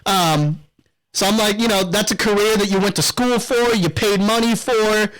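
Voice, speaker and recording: A man's voice: sits high, normal speed, a bit bright, poor audio. A young adult man co-hosting a casual podcast, rambling and profane, often breaking into laughter. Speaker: podcast co-host.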